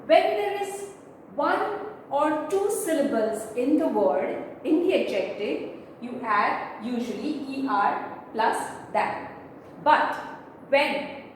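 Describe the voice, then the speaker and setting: A woman teaching a grammar lesson, explaining step by step and spelling out letters. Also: a little high. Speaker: English teacher. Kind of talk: slow classroom grammar lesson. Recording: echoey room, mic far off, faint noise.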